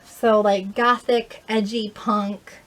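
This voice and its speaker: A woman's voice: mid-range voice, little pitch movement, slow pace. A young woman chatting casually in a haul vlog, rambling with fillers and correcting herself as she goes. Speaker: vlogger, thrift reseller.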